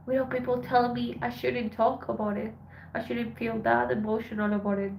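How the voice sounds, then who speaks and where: A tired woman from Colombia, a Spanish speaker, chatting softly with her live-stream viewers as she reads their messages aloud. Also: a little high, flat delivery, normal speed, vocal fry, a little hiss or hum, low-quality recording. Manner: soft, subdued, switching between English and Spanish. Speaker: live streamer reading chat. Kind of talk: casual live-stream chat.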